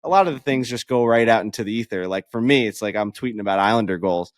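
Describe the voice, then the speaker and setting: A man co-hosting a podcast, telling a story in casual chat, animated and profane, acting out the people he quotes. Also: on the low side, fast, no echo, studio quality. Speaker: podcast co-host.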